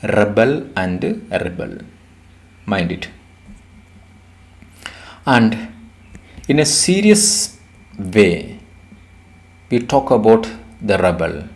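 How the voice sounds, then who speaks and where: A male teacher, explaining a poem to his class. He talks slowly and deliberately in a lowish voice, repeating and stressing the key words so students catch them. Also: sing-song. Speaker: English teacher.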